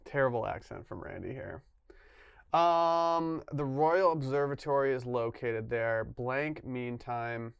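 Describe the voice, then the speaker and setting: A man's voice: medium pitch, measured pace, creaky, clear, resonant tone, no echo, muffled recording. A man competing in a comedic quiz, thinking his answers through aloud and mocking himself. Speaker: quiz contestant. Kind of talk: casual comedic quiz banter.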